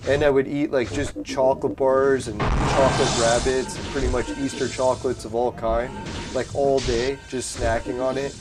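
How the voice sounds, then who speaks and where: A man's voice: medium pitch, fairly even intonation, normal speed, over loud music. A man hosting a gaming channel, chatting casually over his play, laughing often and swearing freely. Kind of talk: casual let's-play commentary.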